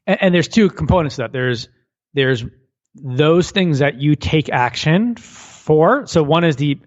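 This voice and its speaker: Brief: lively entrepreneur guest, higher-pitched man, quick restarts, muffled remote recording. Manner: energetic, repeats words when starting sentences. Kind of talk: conversational interview.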